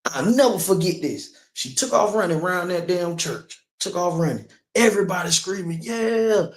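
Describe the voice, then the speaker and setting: A man's voice: high voice, expressive, moderate pace, reverberant. A man preaching in the street, telling a personal story with emphasis and asking listeners again and again whether they understand.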